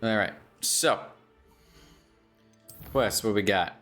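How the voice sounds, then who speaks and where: Joking low-voiced male streamer. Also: slow, fairly bright tone, faint music behind. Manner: joking, self-mocking, drowsy asides. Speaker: streamer playing a video game. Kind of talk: casual game commentary.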